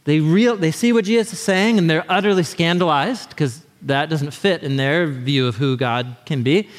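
A man preaching a sermon as pastor, in an animated, conversational way, sometimes acting out quick voices. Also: a little high, big-room sound.

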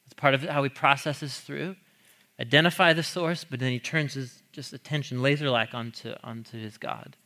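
A man's voice: mid-range voice, steady tone, normal speed, pushed and bright. A man teaching a sermon on a psalm in a chatty, questioning way, laughing often and asking the audience questions. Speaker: pastor.

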